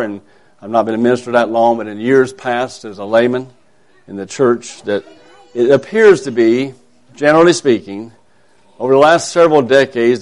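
Male minister, earnest, measured, conversational sermon to a church. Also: mid-range voice. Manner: earnest, measured, with emphatic rises. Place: church service.

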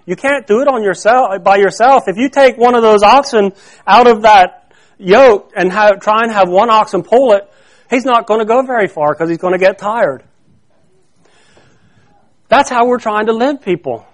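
A man with a notably high voice delivers a sermon as a pastor in a church. He keeps it conversational, often doubling back on his own phrases and pausing to ask the congregation to call out the missing word. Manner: conversational preaching, quizzes the congregation to fill in words; repeats and restarts phrases.

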